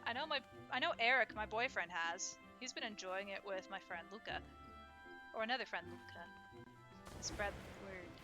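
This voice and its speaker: A woman's voice: mid-range voice, lively intonation, brisk. A young woman chatting casually and playfully while streaming a game, often giggling. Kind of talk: casual live-stream chat. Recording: game music in the background.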